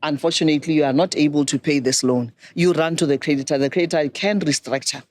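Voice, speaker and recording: Woman, middle-aged, measured, instructive, finance expert. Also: low-pitched, fairly even intonation, a little mellow, no room sound. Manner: measured, instructive, poses questions to listeners. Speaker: banking and microfinance expert guest. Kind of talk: explanatory advice talk.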